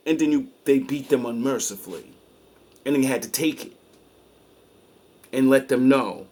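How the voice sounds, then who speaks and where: Male streamer, mid-pitched, swears freely, tells stories bluntly and with emphasis. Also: normal speed, long pauses, darkish tone. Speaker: streamer reacting to clips. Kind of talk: casual profane commentary.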